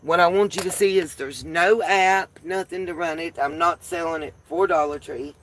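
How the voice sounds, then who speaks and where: A woman's voice: fairly low pitch, moderate pace, slight background noise. A woman with a Southern accent hosting a casual live stream, chatting with viewers in a folksy way and calling them y'all. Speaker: livestream host.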